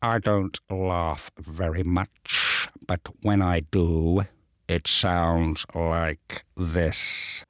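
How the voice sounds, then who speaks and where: A man doing an impression of a solemn actor, with an extremely slow, deadpan drawl. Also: low voice, no room sound, clean studio sound, pitched below the performer's own voice, full character voice.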